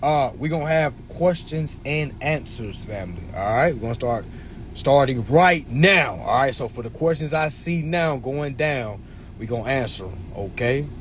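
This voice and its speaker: A man's voice: mid-range voice, animated, moderate pace, slight background noise. A man in his twenties hosting a livestream, giving a blunt, profane motivational talk. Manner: blunt, preachy, swearing freely. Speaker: livestream host.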